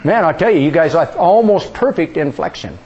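A male preacher giving a sermon, questioning the congregation and drawing answers, dropping soft and low on key words. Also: big pitch swings, fairly quick, lo-fi sound.

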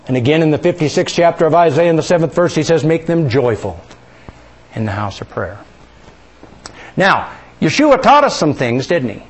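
A male preacher delivers a sermon at a moderate pace with lively intonation, putting questions to the congregation and drawing out their answers. On key words he drops his voice soft and low.

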